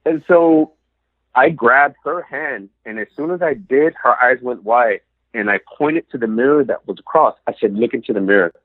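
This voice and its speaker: A man's voice: mid-range voice, moderate pace, no room sound. A man, a podcast guest, telling a story with animation and acting out the lines he quotes. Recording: dry, phone-like lo-fi audio.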